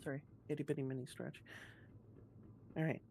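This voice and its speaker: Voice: mid-range voice, flat delivery, normal speed, vocal fry, mellow, a little hiss or hum. A guest streamer chatting casually during a game session, making playful self-mocking jokes. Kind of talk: casual stream chat while playing a game.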